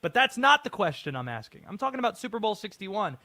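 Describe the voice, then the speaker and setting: Host: playful man, high voice, dry close studio sound. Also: big pitch swings, fast, sharp tone, no room sound. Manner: playful, mock-grand patter. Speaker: sports radio host. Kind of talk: call-in sports radio hosting.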